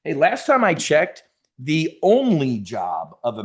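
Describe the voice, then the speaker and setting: A man's voice: a little high, wildly swooping pitch, slow pace. A middle-aged man hosting a trading show, giving blunt, profane, rambling live market commentary.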